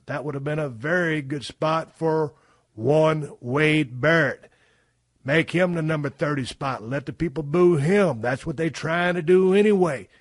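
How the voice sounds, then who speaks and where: A middle-aged man hosting a podcast, telling stories in a profane, folksy way that swings from low mumbles to loud bursts. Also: no room sound, studio quality. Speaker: podcast host. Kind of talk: casual storytelling monologue.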